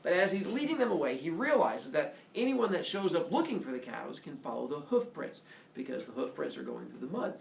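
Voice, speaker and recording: A man's voice: on the high side, creaky. A man retelling a myth in a casual, playful, jokey way. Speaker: storyteller. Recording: echoey room, distant mic, faint noise.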